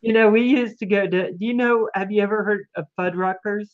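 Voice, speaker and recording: A woman's voice: medium pitch, fairly even intonation, brisk, narrow, tinny audio. An older woman, a grandmother, hosting a casual chat and giggling often. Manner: chatty, giggly. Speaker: host. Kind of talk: casual chat on a video call.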